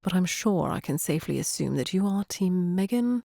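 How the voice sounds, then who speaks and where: A woman voicing a reserved young Englishman in an audiobook, his English accent dry and understated, pitched low and a bit hollow and distant. The delivery is crisp and unhurried, with very little room sound. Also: animated, dark tone, no echo. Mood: dry teasing.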